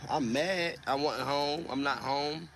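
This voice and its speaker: A man's voice: a little high, slow. A man speaking earnestly in a casual clip, repeating his points over and over. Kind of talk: casual talk to a streamer. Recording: noisy clip with car sounds.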